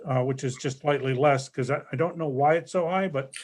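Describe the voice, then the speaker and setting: A man working as town administrator, reporting budget figures to a council in a measured way, with pauses and hesitations. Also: mid-range voice, darkish tone. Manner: measured, reads out numbers with hesitations.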